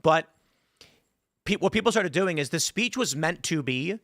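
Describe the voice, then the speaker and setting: A man hosting a casual political panel, telling animated stories and acting out quotes. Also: high voice, normal speed, no room sound, studio quality. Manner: animated storyteller, acts out quotes. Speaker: host.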